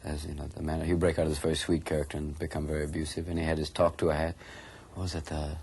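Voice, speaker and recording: A man's voice: rumbling low, flat delivery, very fast, a little mellow, slight background noise. A man reminiscing in an interview, reflective and sometimes emphatic.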